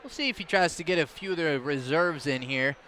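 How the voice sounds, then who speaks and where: Male play-by-play announcer, bright and a bit high, relaxed chatty calls, faint gym hum behind. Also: a little fast. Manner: easygoing, chatty, laughs along with his partner. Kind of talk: basketball commentary.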